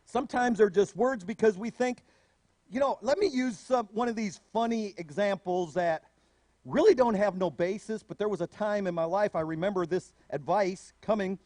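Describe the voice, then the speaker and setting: High-voiced man preaching a sermon. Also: moderate pace, no room sound, clean studio sound. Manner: storytelling, animated asides. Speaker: pastor.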